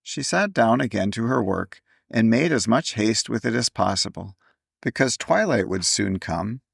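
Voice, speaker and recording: A man reading a classic story aloud in measured audiobook narration. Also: lowish voice, animated, gravelly, slightly rough, dry recording, clean studio sound.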